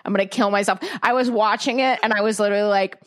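A woman's voice: medium pitch, steady tone, fast, fairly bright tone, a little hiss or hum. A young adult woman talking candidly as a podcast guest, swearing casually and restarting her sentences.

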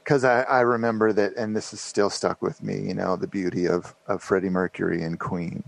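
A man in his fifties with a low, gravelly voice tells an unhurried story from his youth as a podcast guest. He winds through it with many fillers and restarts. The recording is close and dry. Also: fairly even intonation, no room sound, rough recording. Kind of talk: casual storytelling interview.

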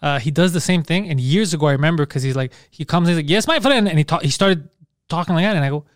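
A high-voiced man co-hosts a loose comedy podcast. He teases his friends and drops into quick impressions. He sits close to the mic in a dry room. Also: no room sound. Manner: teasing, jumps into quick put-on voices. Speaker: podcast co-host. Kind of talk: casual comedic chat.

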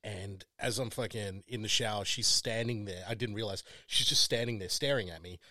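A man's voice: fairly low pitch, moderate pace, sharp tone, dry recording. Man, casual chat, crude storytelling, swears constantly, dry close sound.

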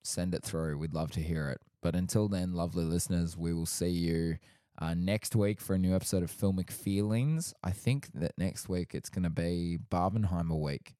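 Young man, very low voice, podcast co-host, wry teasing chat, dry close sound. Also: moderate pace, dark tone, no room sound.

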